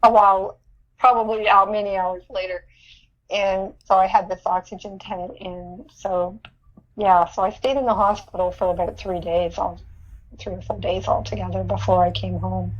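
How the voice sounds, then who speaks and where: Medium-pitched and steady, this woman talks at a normal speed, though the recording sounds muffled. She earnestly relates a personal experience as an interview podcast guest, laughing and repeating words frequently.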